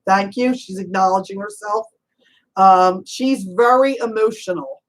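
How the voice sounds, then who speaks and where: A woman's voice: medium pitch, low-quality recording. Chatty woman medium calling people honey. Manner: chatty, warm endearments, frequent "you know"; laughs easily, asks rapid probing questions. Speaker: psychic medium. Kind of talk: casual spirit reading.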